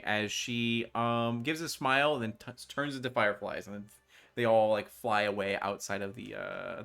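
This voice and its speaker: A man in the game master's seat, narrating a tabletop role-playing game with plenty of ums and likes. His voice sits at an ordinary middle pitch for a man, and he talks at an easy, streaming-session pace. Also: a bit bright. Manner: loose, filler-heavy narration.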